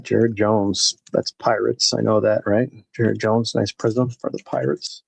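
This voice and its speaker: In a lowish, gravelly, husky voice and a flat delivery at a measured pace, a man hosts a live baseball card break, chatting casually and calling viewers by name as he opens packs. There's no echo, but the recording is rough.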